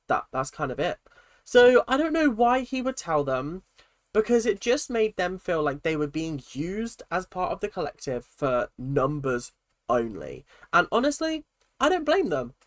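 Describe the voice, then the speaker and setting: A man giving a casual, opinionated recap of a reality show, talking in an animated, rambling way. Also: fairly high pitch, no echo. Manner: chatty, animated, opinionated, with frequent restarts.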